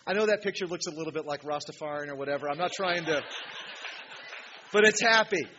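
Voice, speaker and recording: A male pastor preaching a sermon in a church, emphatic, swinging from loud, ringing peaks to quiet asides. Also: fairly high pitch, racing. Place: church hall with a projection screen. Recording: dull lo-fi sound with faint hiss.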